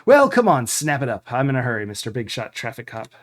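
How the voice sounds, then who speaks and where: A man's voice: mid-range voice, big pitch swings, fast, lightly acted. A man voicing an irate, sarcastic young woman driver in a game, snapping mocking insults.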